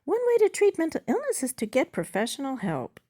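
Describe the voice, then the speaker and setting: A woman doing a chirpy, high sing-song chatbot. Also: huge pitch swings, fairly quick, darkish tone.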